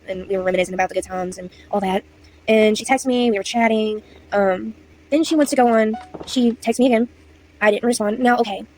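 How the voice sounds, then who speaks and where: A woman's voice: mid-range voice, slight background noise, poor audio. A young woman telling a casual storytime at home, rambling, apologizing and losing her place. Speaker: vlogger. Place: indoors at home.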